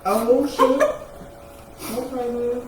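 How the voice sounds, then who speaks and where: A woman co-hosting a casual live chat, talking in dry, mumbled deadpan asides. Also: fairly high pitch, extremely slow. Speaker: co-host of a live chat show. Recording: distant echoey mic with noise.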